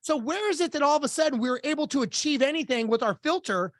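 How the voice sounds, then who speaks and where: Blunt, animated male coach telling a story. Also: extremely high pitch, fast, no echo. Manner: blunt, animated, acts out both sides of dialogue. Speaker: business coach, podcast guest. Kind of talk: storytelling in a casual interview.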